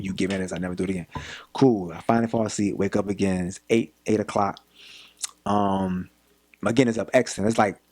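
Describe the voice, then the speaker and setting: A young man from Philadelphia, a podcast guest, telling a story casually and acting out the voices of the people in it. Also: low-pitched. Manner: animated retelling, acts out quoted voices.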